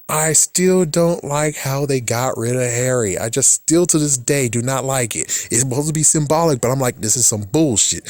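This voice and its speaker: A man's voice: mid-range voice, a little mellow, no room sound. A man rambling through casual commentary on a film, exasperated and swearing often. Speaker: vlogger.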